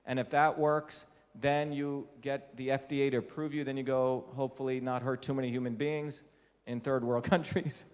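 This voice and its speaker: A man's voice: mid-range voice, level tone, moderate pace. A man from India giving a public lecture to a live audience, speaking emphatically and often putting rhetorical questions to the room. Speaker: invited lecturer. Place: lecture hall. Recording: reverberant hall.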